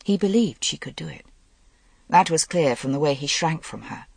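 A woman reading a novel aloud in a measured, dramatic audiobook narration. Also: deep voice, animated, vocal fry, darkish tone, slightly rough, no room sound.

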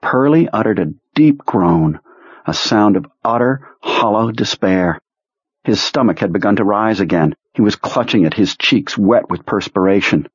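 A male narrator reads a novel aloud in a measured, dramatic way. His low, husky voice is close and dry. The recording sounds muffled and lo-fi. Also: expressive, no room sound. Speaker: audiobook narrator. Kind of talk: scripted narration.

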